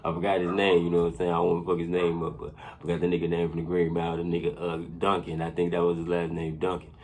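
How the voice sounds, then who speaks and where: Deep gravelly man telling a wild story. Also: fast, slight background noise. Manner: animated, laughing often, keeps saying "you know what I'm saying". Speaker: podcast storyteller. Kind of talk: casual profane storytelling.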